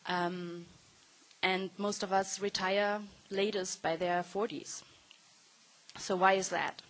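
A woman's voice: mid-range voice, level tone, slow pace, a bit bright, poor audio. A woman in her thirties, a circus performer, speaking on a panel in an earnest way with frequent ums and restarts. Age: 30s. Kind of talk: panel talk.

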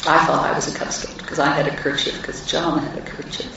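A woman's voice: low-pitched, little pitch movement, brisk, vocal fry, slight background noise. A woman telling personal stories to a live audience with wry humor, recorded from a distance in a large hall. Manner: warm anecdotal, wry humor. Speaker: speaker at a live talk event. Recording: echoey hall, distant mic, dull sound.

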